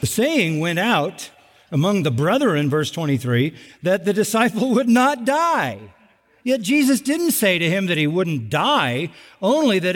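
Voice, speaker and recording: A middle-aged man preaching a sermon, animated, with sarcastic asides and acted-out quotes. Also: high voice, measured pace. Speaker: pastor. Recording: long hall reverb.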